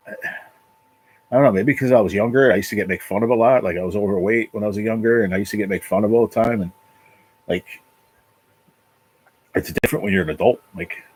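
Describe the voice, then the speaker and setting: A man hosting his own livestream from his apartment, talking casually and emotionally in a halting, repetitive way with a lot of swearing. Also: on the low side, breathy edge, low-quality recording. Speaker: livestream channel host. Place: apartment at home.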